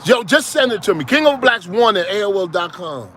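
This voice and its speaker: Brief: bright, high-pitched male host, animated, laughs constantly, teasing callers. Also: a little fast, a little hiss or hum. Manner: joking, laughing a lot. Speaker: call-in show host. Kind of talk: casual phone call banter.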